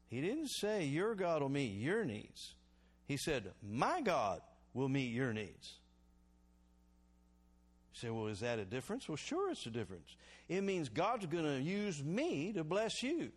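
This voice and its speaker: Pastor guy preaching, gets loud then drops way down quiet, keeps asking for amens. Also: on the high side. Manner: animated preaching, calls for congregation response; swings between loud exhortation and quiet reflection. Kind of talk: sermon.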